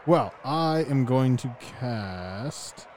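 A man playing a tabletop game, hesitantly working through his spells and rules out loud. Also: medium pitch, expressive, very slow, a faint crowd. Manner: hesitant, muttering rules aloud. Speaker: player. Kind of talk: casual tabletop game play. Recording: noisy background.

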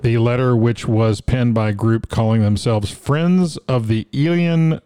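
A man's voice: mid-range voice, a little slow, dark tone, clean tone, no echo. A man co-hosting a casual comedy talk show, reading odd news stories aloud and joking about them. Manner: joking, reads headlines aloud, stumbles over odd names.

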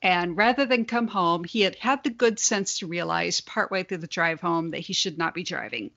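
A woman's voice: lowish voice, normal speed, vocal fry, sharp tone, dry recording, lo-fi sound. A woman in her forties co-hosting a podcast, chatting candidly and swearing casually as she tells a family story. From grew up on a farm. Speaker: podcast co-host. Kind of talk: casual chat.

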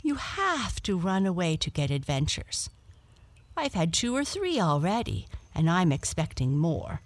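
A woman's voice: lowish voice, very animated, measured pace, no room sound. A woman voicing a young female black cat who is eager, chatty and adventurous in a storybook reading.

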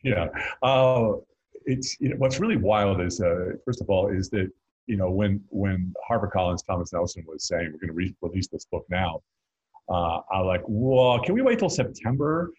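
Middle-aged male guest, low husky voice, chatty storyteller who jokes and restarts sentences. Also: steady tone, moderate pace, darkish tone, lo-fi sound. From North Carolina. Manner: rambling, self-interrupting, joking. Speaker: guest musician and author. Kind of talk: casual interview storytelling.

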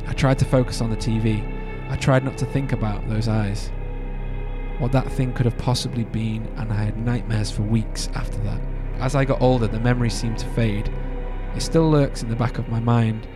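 A man's voice: mid-range voice, brisk. Guy reading a creepy story on a podcast, chatty asides, music in the background. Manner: animated, joking asides between narration. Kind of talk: casual storytelling read-aloud.

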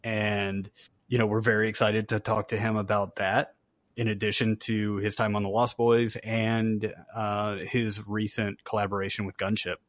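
A man's voice: on the low side, little pitch movement, normal speed, no echo. A man co-hosting a podcast in casual chat, eager and full of fillers. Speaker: podcast co-host.

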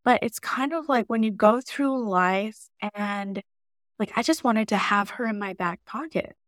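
A woman chats as a podcast guest, her voice sitting in a middle range for a woman. She tells stories in a lively, casual way and often says "like". The sound is dry and close. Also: mid-range voice, measured pace, no room sound. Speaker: podcast guest, marketing mentor. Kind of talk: casual interview chat.

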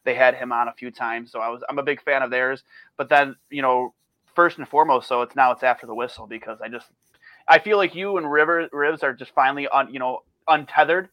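A man's voice: medium pitch, fairly quick, no echo, lo-fi sound. A man chatting as a podcast guest, telling rambling stories with restarts, swearing and laughter. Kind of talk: casual chat.

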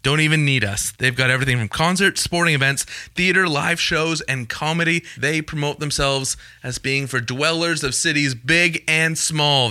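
A young man hosting a podcast, plugging events in quick, joking casual chat. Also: medium pitch, pushed and bright, no echo. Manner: fast-talking, joking, self-deprecating. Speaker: podcast host.

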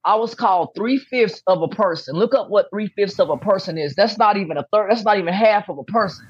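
Emphatic woman interview guest, husky voice, dull dry recording, hammers points home. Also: mid-range voice, fairly quick, few pauses, no echo. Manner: emphatic, repeats key points. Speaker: podcast guest, athlete. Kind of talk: candid interview talk. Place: room at home with posters behind.

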